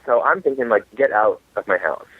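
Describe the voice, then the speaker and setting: A man, an author and guest, telling comic dating stories in an animated way. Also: medium pitch, a little fast, no echo. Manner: animated, comic storyteller acting out quotes. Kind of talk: storytelling interview. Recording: tinny phone line.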